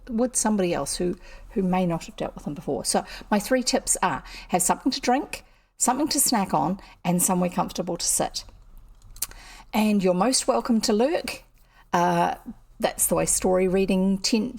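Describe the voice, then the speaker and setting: A woman's voice: mid-range voice, creaky, darkish tone. A woman chatting casually on a livestream from her home desk, rambling and interrupting herself as a storyteller. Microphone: computer streaming setup.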